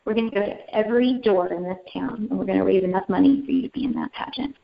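A woman voicing her fierce, determined mother, speaking fast and rallying. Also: mid-range voice, vocal fry, dull audio, lightly acted.

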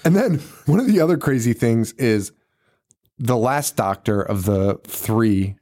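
A man's voice: mid-range voice, animated, measured pace, warm tone. A man co-hosting a podcast, chatting casually and profanely as he recaps a movie, laughing and acting out scenes. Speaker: podcast co-host.

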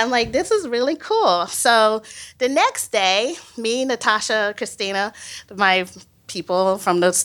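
A woman from Mississippi tells a personal story on stage in an animated, self-mocking way. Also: medium pitch. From Mississippi, USA. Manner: animated and self-mocking, acts out quoted voices. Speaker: storyteller, biologist.

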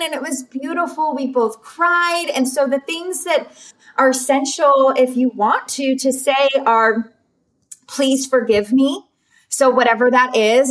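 Podcast guest: woman in her forties, higher pitch, candid and heartfelt storyteller. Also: a bit bright. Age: 40s. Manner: candid, tearful at times, many fillers. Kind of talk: emotional personal storytelling.

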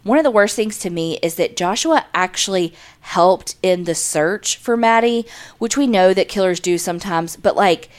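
Animated storytelling woman co-host. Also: medium pitch, moderate pace. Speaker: podcast co-host. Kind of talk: casual true crime chat.

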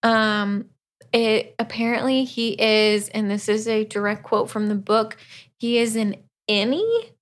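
A woman's voice: a little high, unhurried. Chatty woman recapping a book. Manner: chatty, acts out quotes from the book. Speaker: podcast co-host.

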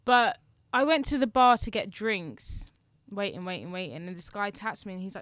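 Bright-voiced woman telling stories. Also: mid-range voice, animated, normal speed, dry recording. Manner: chatty storytelling, swears freely. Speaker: podcast co-host. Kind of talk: casual chat.

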